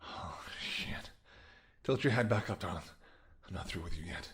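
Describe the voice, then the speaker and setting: A man voicing a flirtatious, predatory male vampire in a whispered role-play, speaking in a soft, teasing, seductive murmur. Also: low-pitched, animated, moderate pace. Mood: hungry. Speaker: voice actor.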